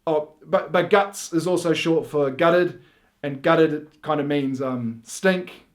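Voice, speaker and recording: A middle-aged man with a New Zealand accent, rambling and deadpan as he explains slang, full of fillers and self-interruptions. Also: a little high, slow. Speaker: comedy video host.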